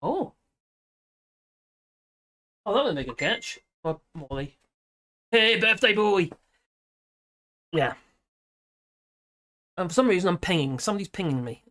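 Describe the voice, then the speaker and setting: A woman's voice: fairly low pitch, expressive, unhurried, long pauses, a bit bright. A middle-aged woman from Britain hosting a casual livestream from home, rambling, laughing often and reading out viewer comments. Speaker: livestream host. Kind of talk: casual political livestream chat. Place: home room with dogs.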